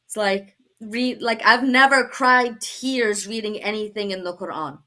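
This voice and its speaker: Bright-voiced Brooklyn woman telling her story. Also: mid-range voice, unhurried. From Brooklyn, New York. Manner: animated storyteller, laughs often, acts out quoted dialogue. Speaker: guest sharing testimony. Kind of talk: personal testimony in a talk show.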